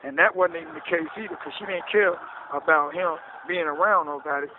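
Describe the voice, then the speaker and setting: A man telling his story in a casual interview, animated and often asking "you hear me?", heard over a phone line. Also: a little high, a little fast, background noise. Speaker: interview guest recounting his case. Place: prison phone call.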